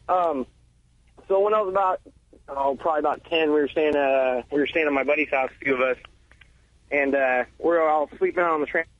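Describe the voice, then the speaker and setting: A man's voice: on the high side, a little fast, pauses often. A man calling in to a radio show, rambling through a childhood story with lots of "uh" and "like", chuckling as he goes. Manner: rambling, filler-heavy, chuckles often. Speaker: caller. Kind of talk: casual storytelling on a phone-in. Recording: muffled lo-fi radio sound.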